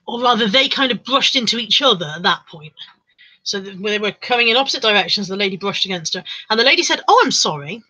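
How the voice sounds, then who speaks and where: A woman's voice: mid-range voice, lively intonation, fast, bright, forceful tone, low-quality recording. A woman chatting casually on a livestream, reading out viewers' comments and joking around. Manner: chatty, jokey, laughs often. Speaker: livestream host.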